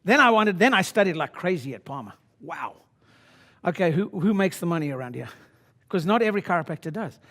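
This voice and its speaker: A man's voice: expressive, a little fast. Brash older man rousing a seminar crowd. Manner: brash, swings from low asides to loud exhortation. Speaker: seminar speaker. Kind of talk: motivational seminar talk. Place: conference room before an audience.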